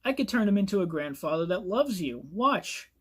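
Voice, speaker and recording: A man voicing a scheming male dragon, speaking low and calm with a sly edge while retelling a book scene. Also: normal speed, slightly rough, full character voice. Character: scheming male dragon king, smooth manipulator.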